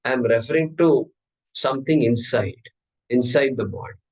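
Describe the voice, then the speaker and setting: A man's voice: mid-range voice, moderate pace, poor audio. A man giving a spiritual discourse as teacher, asking his listeners question after question. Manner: questioning, animated. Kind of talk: Vedanta discourse.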